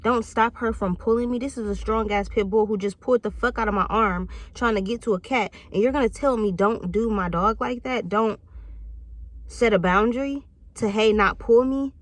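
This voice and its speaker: A woman's voice: on the high side, normal speed, no room sound. A woman in her thirties talking bluntly and reflectively in a candid vlog monologue, swearing freely. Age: 30s. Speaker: channel host.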